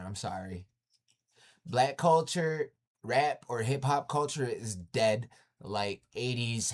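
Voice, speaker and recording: A man ranting on a casual livestream and answering his chat. He is blunt and profane, throws "yo" into his sentences again and again, and repeats lines for emphasis. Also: on the low side. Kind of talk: casual rant to live chat.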